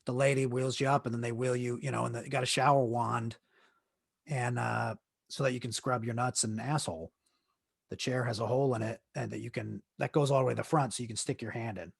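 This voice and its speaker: Man, podcast host, rambling crude storyteller, gravelly, mid pitch. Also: no echo, clean studio sound. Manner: rambling, crude and joking, with many restarts and fillers. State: in leg pain while seated. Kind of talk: casual storytelling monologue.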